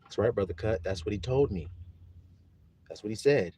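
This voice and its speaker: A man preaching a sermon, reading scripture loudly and turning quiet for personal stories, often asking his listeners if they see. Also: lowish voice, moderate pace, husky. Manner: casual, blunt preaching with mild swearing.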